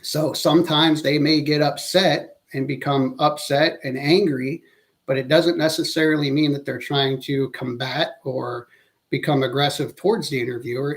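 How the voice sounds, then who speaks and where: A man presenting an instructional talk as an interview-training instructor, speaking in a measured, earnest way and now and then correcting himself mid-sentence. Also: fairly high pitch.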